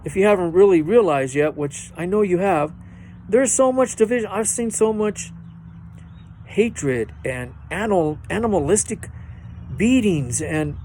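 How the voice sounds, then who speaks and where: A fervent man with a high-pitched voice preaching to camera on his own faith channel. He talks straight to his viewers and repeats lines for emphasis. Faint traffic noise hums in the background. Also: animated, a little slow, darkish tone. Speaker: host of a religious video channel.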